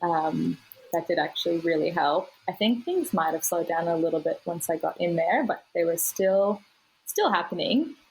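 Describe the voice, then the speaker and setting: A woman's voice: lowish voice, lively intonation, moderate pace, husky, rough recording. A woman guest on a podcast, telling her birth story in a casual, chatty way with plenty of fillers and laughs.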